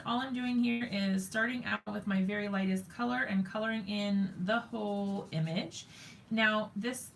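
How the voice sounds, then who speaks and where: Woman streamer, unhurried delivery, vocal fry, chatty and self-mocking with her viewers. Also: medium pitch, fairly bright tone, slight background noise. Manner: talks to viewers while working, thinks aloud, self-mocking. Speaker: craft live stream host. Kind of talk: chatty live crafting demo.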